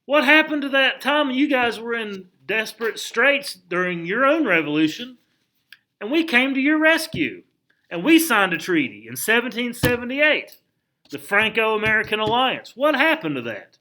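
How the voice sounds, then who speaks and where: An indignant Frenchman, put on by a male teacher in class, fires accusing questions at an ungrateful ally. The voice jumps high and bright, sharp with exasperation. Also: big pitch swings, normal speed, full character voice, rough recording.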